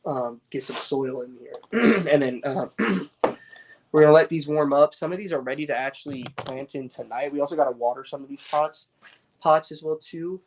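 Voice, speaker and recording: A man's voice: a little high, normal speed, muffled recording, background noise. A man chatting casually on a live stream, rambling and swearing, full of slang and restarts. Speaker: cannabis grower streaming to viewers. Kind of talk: casual livestream chat.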